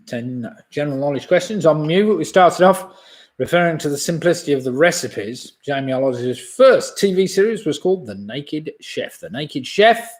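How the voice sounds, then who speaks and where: A man's voice: fairly high pitch, expressive, normal speed. A man in his sixties hosting a live online pub quiz. He reads each question twice and chuckles at his own jokes. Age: 60s.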